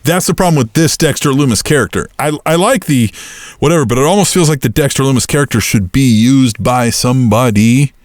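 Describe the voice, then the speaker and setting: A man's voice: medium pitch, brisk, no room sound, studio quality. A man co-hosting a podcast, casually retelling wrestling storylines with lots of swearing and acted-out back-and-forth. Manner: animated storytelling, acting out both sides of a feud, frequent swearing. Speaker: podcast co-host. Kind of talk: casual chat.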